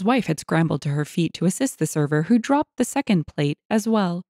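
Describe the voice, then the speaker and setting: A woman reading out a story as scripted narration, expressive in tone. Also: lowish voice, moderate pace, few pauses, dry recording, clean studio sound.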